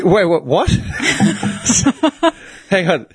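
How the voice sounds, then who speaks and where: A man hosts a casual podcast, his pitch swinging widely as he laughs and swears his way through rambling restarts. The sound is close and dry, with no room around it. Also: big pitch swings, drawn-out words, husky, no echo. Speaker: podcast host. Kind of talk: casual chat. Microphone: studio mic.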